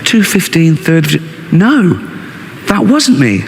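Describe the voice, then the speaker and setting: A man's voice: fairly high pitch, very animated, measured pace, creaky, in a large hall, slight background noise, full character voice. A man voicing God answering the phone, offhand and blunt, swearing casually. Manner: matter-of-fact, swearing.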